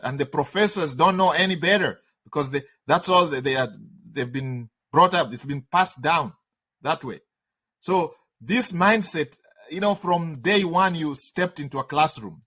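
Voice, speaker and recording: A man's voice: a little high, fairly bright tone. A man who teaches trading, giving a webinar lecture in an emphatic, conversational way, repeating points and checking in with "okay?". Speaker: trading instructor.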